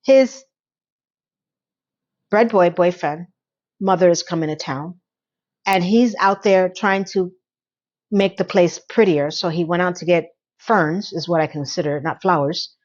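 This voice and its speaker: A woman giving a casual, opinionated TV recap, chatty and rambling with quick asides, now and then acting out lines from the show. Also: fairly low pitch, a little mellow, dull audio. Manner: acts out characters' lines in quick quotes. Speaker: TV recap reviewer.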